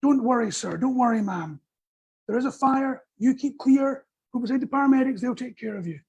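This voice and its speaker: Man doing a calm firefighter, steady, soothing, authoritative, slightly husky. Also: extremely high pitch, a little fast, muffled recording, exaggerated voice. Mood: reassuring. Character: calm, reassuring male firefighter in charge.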